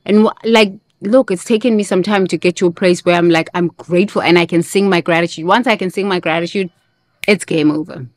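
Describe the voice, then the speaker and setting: A woman hosts a motivational self-help monologue in a lowish voice, speaking a little fast with fairly even intonation. She is emphatic, repeats key phrases, and sometimes slips into playful sing-song chants.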